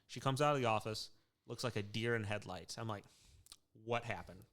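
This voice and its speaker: A man who once worked in social work, telling a long work story in casual chat with many fillers, restarts and frequent throat clearing. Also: fairly low pitch, normal speed, a bit bright. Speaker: podcast co-host.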